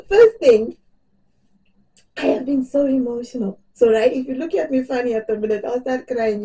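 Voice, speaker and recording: A middle-aged woman vlogging in a casual chat, her high voice soft and mellow. She laughs a lot and often sounds close to tears, her voice cracking. She sits a little back from the mic. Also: sing-song, slow, long pauses, far from the mic, low-quality recording.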